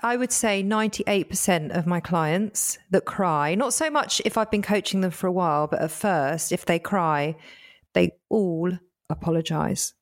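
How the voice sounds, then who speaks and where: A woman's voice: lowish voice, measured pace. Emphatic woman coach hosting. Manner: leads the segment, emphatic and direct. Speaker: podcast co-host and coach. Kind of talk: casual chat.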